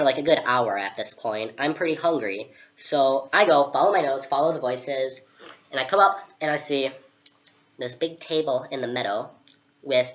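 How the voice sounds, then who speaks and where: Low-voiced young woman telling a sarcastic story. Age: young adult. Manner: chatty, sarcastic, lots of "like". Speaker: vlogger playing Alice. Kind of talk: storytelling character vlog.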